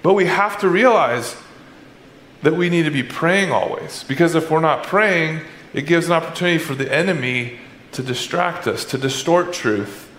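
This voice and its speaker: A man preaching a sermon as pastor, animated, acting out the voices of his listeners. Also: fairly high pitch, moderate pace. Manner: animated, acts out congregants' voices. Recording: echoey church hall, faint background noise.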